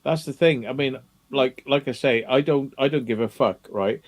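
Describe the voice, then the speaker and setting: A man's voice: mid-range voice, moderate pace. A man in casual chat, ranting emphatically and swearing a lot.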